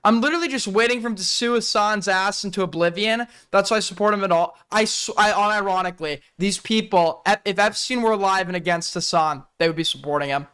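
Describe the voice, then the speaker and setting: High-voiced young male streamer. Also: fast, hardly any pauses, bright, forceful tone, clear, resonant tone. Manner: profane, rambling, restarts mid-sentence. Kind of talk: casual livestream commentary.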